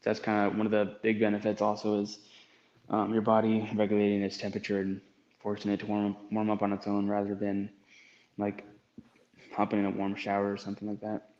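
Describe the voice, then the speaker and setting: A man's voice: on the low side, monotone, a little fast, a little mellow, roomy sound, muffled recording. A man from the United States answering interview questions in a hesitant way, with many fillers. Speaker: guest athlete.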